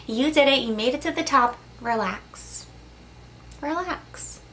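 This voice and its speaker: High-voiced woman giving soothing reassurance. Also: quick pace, a little hiss or hum. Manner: soft, reassuring, casual with fillers, laughs between lines. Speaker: crystal healer giving a channeled message. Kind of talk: gentle spiritual pep talk to camera.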